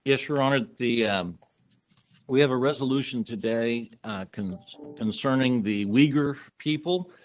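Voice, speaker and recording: A man serving as county commissioner. He introduces and reads a formal resolution with some halting fillers. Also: mid-range voice, faint music behind. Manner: halting, with fillers, then steady formal reading. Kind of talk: formal resolution reading at a public meeting.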